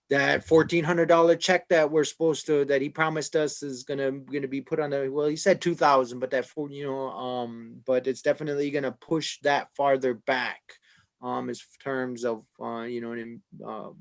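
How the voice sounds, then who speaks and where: Hesitant man on a political podcast. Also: medium pitch. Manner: hesitant, many fillers and restarts. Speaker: podcast panelist. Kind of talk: casual political discussion.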